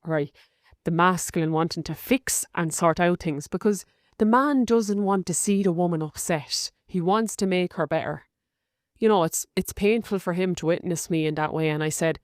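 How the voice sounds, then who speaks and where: A low-pitched Irish woman hosting her podcast in a casual confessional monologue. She talks in a loose, chatty way, peppering her speech with "like" and "right". Her voice is close and dry, with no room sound around it. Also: moderate pace, no echo. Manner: chatty, frequent likes and rights, open and personal. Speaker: podcast host.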